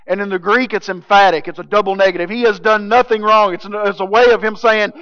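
A male pastor preaching with a high, bright, ringing voice that is smooth and clear. He drives his points home emphatically, swinging between loud declarations and hushed intensity. The sound is slightly dull and lo-fi. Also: fairly quick. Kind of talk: sermon.

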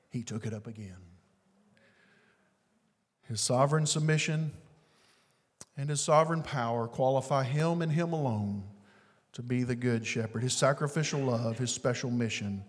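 A man preaching a sermon, swinging from booming declarations to hushed, drawn-out phrases. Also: slightly rough, in a large hall. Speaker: pastor.

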